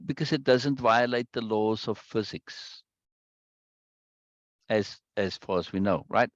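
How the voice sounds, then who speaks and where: A man's voice: mid-range voice, no room sound, dull audio. A man leading a book discussion, explaining passages aloud and often stopping to ask "right?", with restarts and repeated words.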